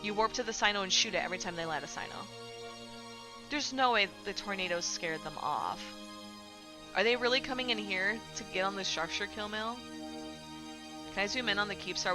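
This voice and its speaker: A woman game streamer giving excited, chatty, slangy live commentary as she watches and plays. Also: medium pitch, poor audio. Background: background music.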